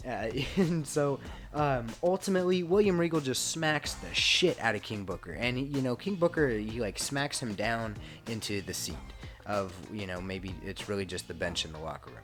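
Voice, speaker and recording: A man's voice: medium pitch, lively intonation, moderate pace, soft background music. A man giving casual commentary over a wrestling game, chatty and rambling, with frequent swearing and asides. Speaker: gaming channel host.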